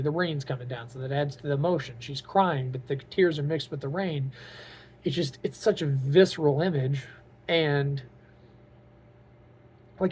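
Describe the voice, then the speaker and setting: A man's voice: on the high side, a little mellow, breathy edge. A man talking to camera in a casual vlog, earnest and openly emotional, rambling with lots of "like" and "you know". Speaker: vlogger and aspiring author.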